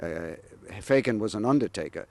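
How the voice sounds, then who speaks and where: A man sharing historical anecdotes about local politicians in a measured, pausing way. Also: on the low side, lively intonation. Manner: measured, anecdotal with frequent "uh" pauses. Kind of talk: historical storytelling.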